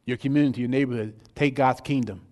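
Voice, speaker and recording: Speaking fast in a medium-pitched voice, this middle-aged pastor delivers a sermon full of lively storytelling and rhetorical questions.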